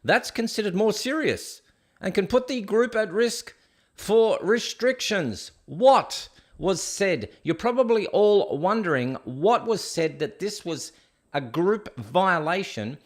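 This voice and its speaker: A man's voice: high-pitched, animated, takes it slowly. A middle-aged man with an Australian accent hosting a casual solo livestream, chatty and jokey as he rambles and reads viewer comments aloud. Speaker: host.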